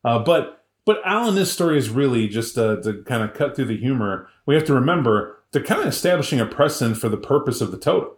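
A podcast co-host tells a story in a casual, lively way, cracking jokes along the way. His voice sits mid-range. The room adds a noticeable echo. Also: medium pitch, fast talker, few pauses. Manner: animated, joking, full of voices.

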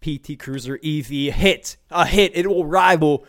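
An American podcast host in his twenties delivers a casual, comedic rant, animated and profane, with quick bursts of enthusiasm. His voice sits on the high side.

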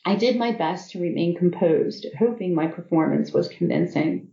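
A woman author reading her own novel aloud in measured first-person storytelling. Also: lowish voice, lively intonation, vocal fry, warm tone, echoey room, muffled recording.

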